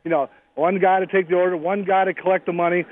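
A man in his forties talks fast and bluntly, with a fiery edge and casual swearing. His voice sits a bit high for a man. He is heard over a thin, tinny phone line. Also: level tone. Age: 40s. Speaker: guest. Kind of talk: casual interview chat.

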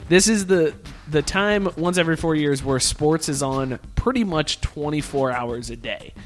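A man's voice: fairly high pitch, moderate pace. A man co-hosting a podcast in casual chat, laid-back, laughing often and swearing freely. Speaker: podcast co-host.

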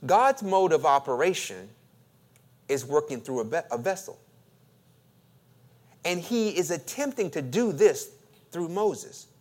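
A man preaching in a somewhat high, very animated voice that climbs and drops from phrase to phrase. He swings between loud, punchy emphasis and quiet asides. He acts out quoted questions with a rising inflection and calls on the congregation to respond. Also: measured pace, pauses often. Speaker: pastor. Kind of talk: sermon.

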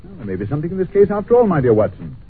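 An actor playing an irritable, brilliant detective in a 1940s radio drama, talking in a testy, clipped, scornful way. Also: male voice, a little high, big pitch swings, very fast. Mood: brisk. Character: irritable, brilliant male detective, middle-aged. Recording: scratchy lo-fi old radio broadcast.

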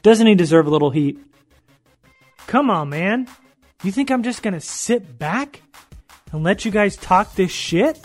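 A man's voice: high-pitched, lively intonation, a little slow, pauses often, soft background music. A man hosting a podcast, delivering a trash-talking comedic roast with mock indignation. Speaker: podcast host.

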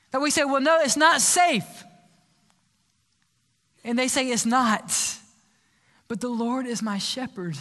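An older man preaching an impassioned sermon in a church, swinging from loud appeals to hushed pleas. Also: high-pitched. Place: church sanctuary. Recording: long church hall reverb.

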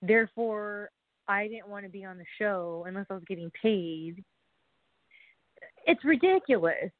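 A woman telling a rambling story in a casual vlog, full of fillers and asides, dropping to hushed whispers and then bursting out. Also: medium pitch, animated, measured pace, dry recording. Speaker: wrestler. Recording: tinny phone-like, dry sound.

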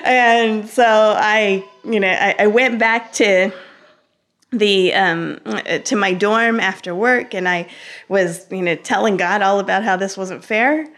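A woman as an interview guest, telling her story in an animated, conversational way with frequent laughter, fillers and restarts. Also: medium pitch, takes it slowly. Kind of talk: conversational personal testimony.

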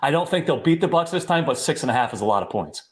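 A man's voice: medium pitch, sing-song, fast talker. Punchy decisive man. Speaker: sports betting analyst. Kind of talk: casual panel chat.

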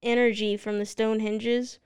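A woman with a Texan accent co-hosting a casual paranormal podcast, giggling and halting as she tells the history. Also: on the high side, level tone, darkish tone, clear, resonant tone. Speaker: podcast co-host. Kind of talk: casual chat.

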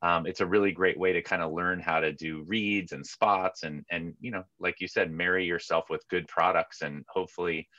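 A middle-aged man co-hosting a sports podcast in casual, chatty talk, full of asides and quick mock voices. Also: dry recording. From California. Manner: chatty, animated, jumps into squeaky mock voices. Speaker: podcast co-host. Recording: dull lo-fi mic sound.

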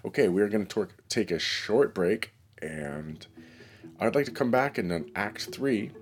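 Solo podcast host, male, very low voice, unhurried and reflective, casual monologue. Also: slightly rough. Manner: relaxed, reflective, with pauses and fillers. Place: New York City.

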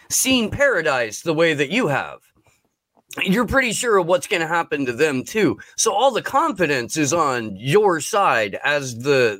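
A man's voice: a little high, fairly bright tone, no room sound. A man in casual podcast chat, talking in a thoughtful, emphatic way.

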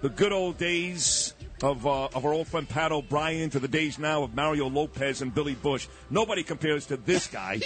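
A man's voice: a little high, normal speed, few pauses, fairly bright tone. A man co-hosting a radio talk show, bantering in a blunt, opinionated way.

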